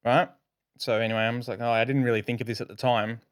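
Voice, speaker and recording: An Australian man co-hosting a podcast, telling a story in an animated, swearing way and acting out his own lines. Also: mid-range voice, fast, no room sound, clean studio sound. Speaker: podcast co-host. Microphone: podcast microphone.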